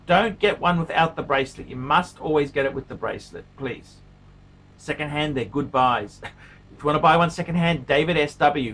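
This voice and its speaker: A man's voice: a little high, fairly bright tone. A man hosting his own watch-review vlog, talking casually and emphatically, repeating himself and mixing crude jokes with pleading asides. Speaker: watch reviewer, channel host. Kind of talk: casual unscripted vlog monologue.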